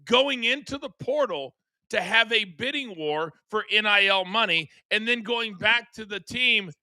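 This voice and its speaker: A man's voice: high-pitched, measured pace, sharp tone, no room sound. A man hosting a sports talk show, playful and teasing as he hands the floor to his co-hosts.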